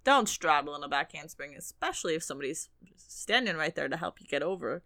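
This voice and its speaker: A woman's voice: sits low, expressive, fast talker, pushed and bright, no room sound, studio quality. A young woman co-hosting a podcast in casual chat, rambling and often breaking into laughter. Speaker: podcast co-host.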